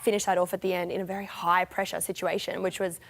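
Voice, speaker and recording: A woman's voice: on the low side, level tone, fast talker, creaky, a little hiss or hum. A woman giving eager rugby analysis as the play is replayed. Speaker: rugby pundit. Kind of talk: sports commentary.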